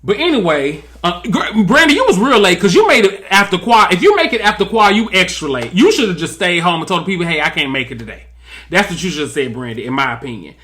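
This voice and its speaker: A man's voice: high voice, sing-song, fast talker, hardly any pauses, pushed and bright. A man giving sassy, drawling comedic recap commentary on a reality TV episode. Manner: sassy, drawling, mimics cast members in quotes.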